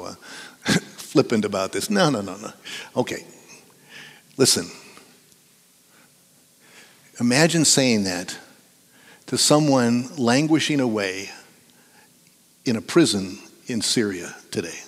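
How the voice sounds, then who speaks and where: A man preaching to his congregation in a lively, swooping voice that rises with emphasis and sinks to near-whispers. His words ring out with the long reverb of a church sanctuary. He has a middle-pitched voice. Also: a little slow, pauses often. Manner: animated and emphatic, dropping to hushed whispers for effect. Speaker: pastor. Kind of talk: sermon.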